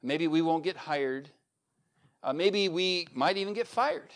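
Earnest preaching man, fairly high voice. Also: a little slow. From United States. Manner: earnest preaching, shifting between raised emphasis and quiet asides. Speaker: pastor. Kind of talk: sermon.

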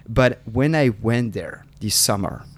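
A man's voice: mid-range voice, slow pace. French-accented man chatting animatedly. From France. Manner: animated, swearing, restarts sentences. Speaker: podcast co-host. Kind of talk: casual chat.

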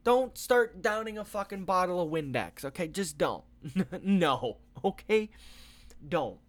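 A young man rants over news items, swearing freely and sounding exasperated. His pitch swings widely as he reacts, and he breaks into laughter often. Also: lively intonation, a little slow. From United States. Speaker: vlogger. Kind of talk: ranting news commentary.

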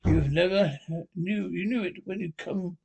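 A man's voice: sits high, normal speed, gravelly, a little mellow, slightly rough, exaggerated voice. A man voicing a stern, solemn old male badger who talks in a grave, commanding way.

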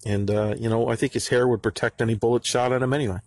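Gravelly man ranting sarcastically. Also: mid-range voice, fairly even intonation, fast talker, a little mellow, no echo. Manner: angry, sarcastic, profane. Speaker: podcaster. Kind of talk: profane ranting monologue.

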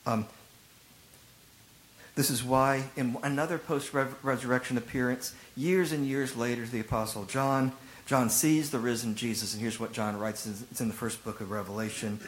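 A man preaching a sermon as a pastor, retelling stories with lively emphasis and acted-out quotes. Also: medium pitch, normal speed, a little hiss or hum, poor audio. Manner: animated storytelling, acting out rhetorical quotes.

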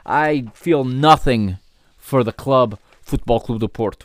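Male podcast host, heated sports rant, middle pitch, dry close sound. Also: unhurried, no room sound. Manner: heated, ranting, swears, laughs in disbelief.

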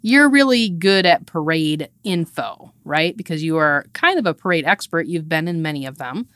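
A woman's voice: low voice, expressive, moderate pace, fairly bright tone, dry recording. A woman co-hosting a podcast, chatting casually and teasing her friend, often restarting her sentences. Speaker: podcast co-host. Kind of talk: casual chat.

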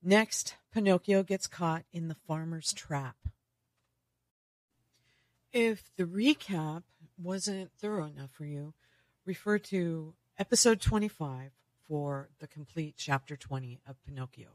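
A woman hosting a story podcast, chatty and playful as she recaps. Her voice sits a bit low. The sound is dry and close. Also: measured pace, a little mellow, dry recording. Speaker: podcast host. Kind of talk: casual recap.

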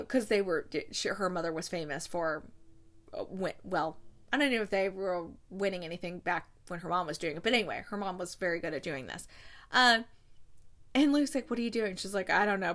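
A woman talks through a movie's plot in a loose, conversational recap. She rambles and fills pauses with fillers, dropping into quick quoted lines for the characters as she goes. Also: mid-range voice, sharp tone. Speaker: movie reviewer recapping a film. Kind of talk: casual chat recap.

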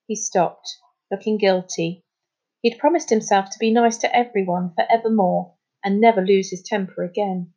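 A woman reading a children's book aloud as a teacher, with clear, expressive storytelling. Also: medium pitch, moderate pace. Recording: slightly muffled recording.

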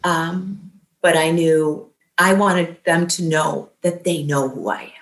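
A woman in her fifties tells an emotional personal story with an earnest, halting delivery and plenty of fillers. Her voice sits fairly low, and the recording rings with room echo. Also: fairly even intonation. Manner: earnest, halting, many fillers, voice rising when quoting herself. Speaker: guest telling her story.

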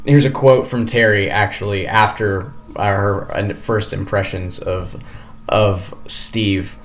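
A man's voice: lowish voice, fairly even intonation, slow. A man co-hosting a podcast, telling a story in casual chat and rambling through many fillers and restarts. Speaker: podcast co-host.

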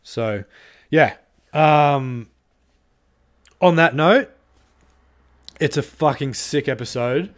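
A man's voice: on the high side, drawn-out words, long pauses. Fired-up male podcast host, swearing. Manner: heated, swears often, many fillers. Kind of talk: solo podcast monologue.

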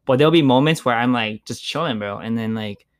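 A man's voice: medium pitch, fairly quick. A man talking casually and reflectively, loose with filler words and the odd swear. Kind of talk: casual chat.

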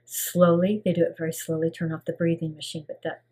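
This is an older woman speaking as a guest, with a low-set, husky voice. She talks in an earnest, soft way and often lets her words drop to a hushed near-whisper as she recalls events. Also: little pitch movement, a little fast. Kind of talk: emotional personal storytelling.

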